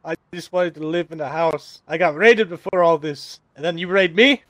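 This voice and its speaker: A man's voice: fairly high pitch, moderate pace, background noise. A man on in-game voice chat, pleading and angry with dramatic, whiny outrage.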